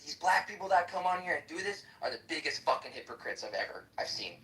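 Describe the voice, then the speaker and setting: A man's voice: a little high, very animated, quick pace, pushed and bright. A man ranting combatively and profanely in a heated live debate on an audio chat app. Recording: echoey, distant livestream audio.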